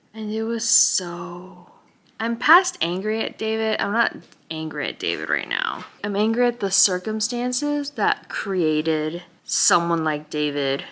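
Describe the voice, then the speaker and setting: A woman's voice: fairly low pitch, pushed and bright. A tired, tearful woman rambling emotionally about a book in a late-night vlog, sometimes dropping to a whisper. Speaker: book vlogger.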